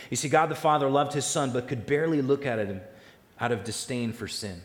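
A man preaching a sermon as pastor, building loud through lists and falling soft and slow on key lines. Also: mid-range voice. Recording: echoey hall with long reverb.

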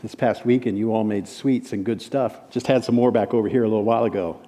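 A man preaching a storytelling sermon, slowing for emphatic repeated refrains and then dropping quick and hushed to tell a story. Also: fairly low pitch. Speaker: preacher and ministry director. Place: conference hall. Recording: long reverb of a large hall.

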